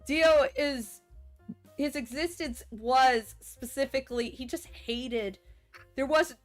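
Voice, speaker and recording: A young adult woman hosting a livestream, chatting in a rambling, animated, giggly way. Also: high voice, slow pace, faint music behind. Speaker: livestream host. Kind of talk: casual stream chat.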